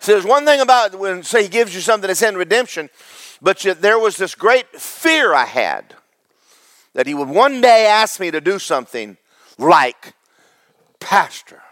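Male pastor, high voice, dry close mic; fervent sermon with quiet joking asides. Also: big pitch swings, normal speed, dry recording. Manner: preaches with big swings from loud highs to low asides, joking with the congregation. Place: church sanctuary.

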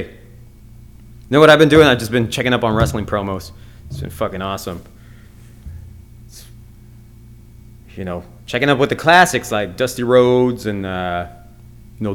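A man hosting his own comedy podcast alone, talking in a profane, excitable, rambling way. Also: mid-range voice. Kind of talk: casual solo podcast monologue.

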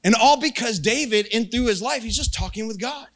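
High-voiced animated preacher man. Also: a little fast. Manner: animated, jokey, acts out quotes with rising pitch. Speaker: pastor. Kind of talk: casual storytelling sermon.

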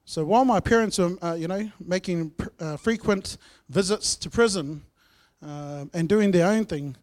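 A man sharing his personal testimony in church, telling his story earnestly, with swings between loud and soft. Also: sits high, moderate pace. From New Zealand. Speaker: guest speaker sharing testimony.

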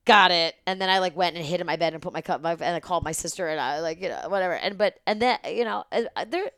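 Rambling, swearing woman with low voice. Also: quick pace, a crowd in the background. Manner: rambling, animated, swears freely. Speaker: podcast guest. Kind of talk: casual storytelling chat.

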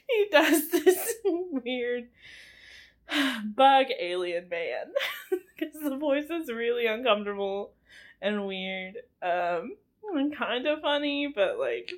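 A young woman casually recapping a film as a podcast host, chatty and giggly, rambling with lots of fillers. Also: medium pitch. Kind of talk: casual chat.

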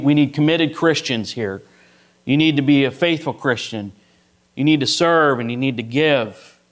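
A middle-aged male pastor giving a sermon in a relaxed, conversational way. He builds his point through a personal story, speaking in a middle pitch and stopping often to ask "right?".

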